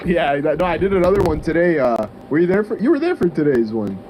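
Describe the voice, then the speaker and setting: A man's voice: on the high side, sing-song, fast, darkish tone, slight background noise, rough recording. A man who streams, chatting casually with friends.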